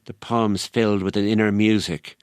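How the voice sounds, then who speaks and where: A man giving measured, scripted documentary narration. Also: on the low side, level tone, clear, resonant tone, no echo, clean studio sound.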